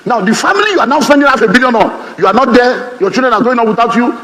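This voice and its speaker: A Nigerian man preaching a sermon as a pastor, animated and humorous, acting out the voices he quotes. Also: extremely high pitch, rapid-fire, long reverb tail, rough recording.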